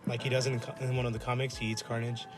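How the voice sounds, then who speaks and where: A man co-hosting a casual podcast, rambling and swearing as he riffs and acts out characters in quick asides. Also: mid-range voice, flat delivery, over music. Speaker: podcast co-host. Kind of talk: casual chat. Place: collectibles shop.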